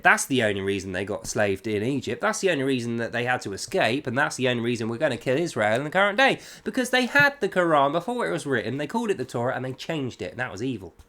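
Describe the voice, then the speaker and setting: A man's voice: fairly high pitch, a bit bright. Guy reading and mocking it, scornful tone, voice jumps all over the place. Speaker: host. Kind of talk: reading aloud with critical commentary.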